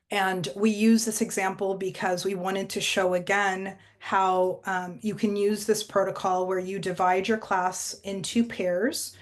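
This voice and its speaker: A woman presenting a teacher training workshop, explaining steps in a measured way with frequent fillers. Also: medium pitch.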